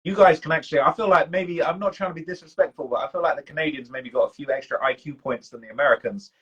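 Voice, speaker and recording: Husky British man rambling in slang. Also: a little high, quick pace, lo-fi sound. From United Kingdom. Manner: rambling, slangy, full of fillers and restarts. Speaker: documentary channel host. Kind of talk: casual live-stream chat.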